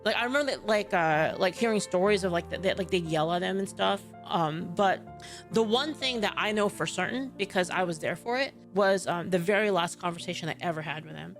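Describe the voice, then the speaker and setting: A woman's voice: lowish voice, a little fast, faint music behind. A woman casually telling a story on stream, rambling with many fillers and swearing.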